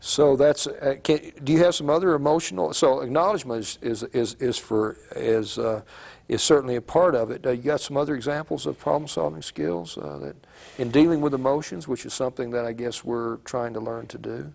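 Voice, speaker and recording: A man in his forties hosting a talk show, asking slow, probing questions with hesitant restarts. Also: mid-range voice, creaky, darkish tone. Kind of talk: interview conversation.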